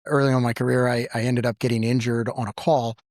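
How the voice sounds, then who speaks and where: Male podcast co-host, paramedic, lively storyteller, dry close-miked sound. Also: fast, dry recording. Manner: animated storyteller, acts out quotes with big pitch jumps. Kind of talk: storytelling in casual podcast chat.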